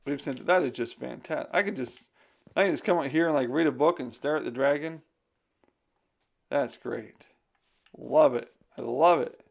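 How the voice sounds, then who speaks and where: A man's voice: a little high, brisk, creaky. A man streaming a game, casually chatting to himself and his viewers between thoughts on scripture. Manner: chatty, talks to himself while playing. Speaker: game streamer and digital missionary. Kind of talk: casual chat while gaming and reading scripture.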